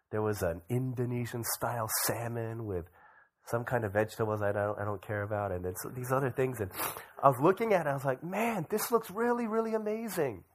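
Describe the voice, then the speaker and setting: Young male pastor, mid pitch, animated sermon delivery with acted-out quotes. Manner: animated, acts out quoted voices.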